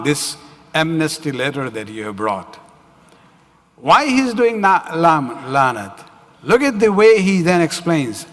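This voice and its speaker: Male religious speaker with a slightly high, bright voice, storytelling style with fillers, reverberant hall sound. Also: sing-song, unhurried. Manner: storytelling, frequent "you know" and "uh" fillers. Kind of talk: religious lecture. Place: community center hall.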